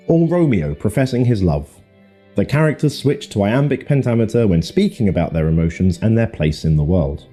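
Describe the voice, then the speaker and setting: Husky low-voiced man narrating a lesson. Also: dark tone. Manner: measured, clear explanatory delivery. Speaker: narrator of an educational video. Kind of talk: scripted narration.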